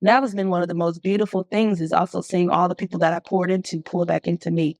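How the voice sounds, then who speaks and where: A middle-aged woman, a guest singer, talking candidly and telling her story with animated, emphatic bursts. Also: fairly low pitch, quick pace, no room sound. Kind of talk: candid conversation.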